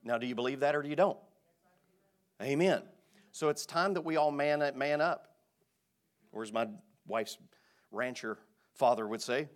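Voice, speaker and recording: A male pastor delivering a sermon, speaking emphatically and swinging from quiet asides to loud, stressed phrases. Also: mid-range voice, moderate pace, long pauses.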